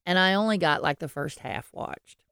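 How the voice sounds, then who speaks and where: Chatty woman with a smooth low voice. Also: moderate pace, fairly bright tone, no room sound, studio quality. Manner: rambling, laughs often, many restarts. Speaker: podcast co-host. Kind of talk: casual chat.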